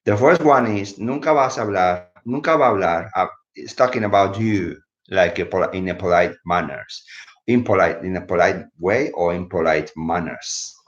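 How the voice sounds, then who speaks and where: Speaking at normal speed in a deep voice, a slightly sleepy man teaches English in a casual live video, moving between English and another language to explain words. The sound is dull and lo-fi, with room echo.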